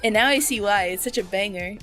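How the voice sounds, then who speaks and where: A woman's voice: mid-range voice, quick pace, fairly bright tone. A young woman streaming a horror game, chatting playfully with her viewers, humming along to the music and breaking into squeals. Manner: playful, hums and sings along, jumps to squeals. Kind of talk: casual live-stream chat. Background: faint game music.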